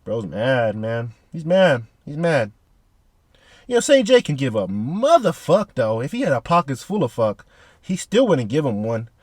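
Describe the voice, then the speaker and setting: Excitable, foul-mouthed man recapping manga. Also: mid-range voice, normal speed, husky, no echo, clean studio sound. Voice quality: heavy profanity and slang. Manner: animated, excitable. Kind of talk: casual manga chapter recap.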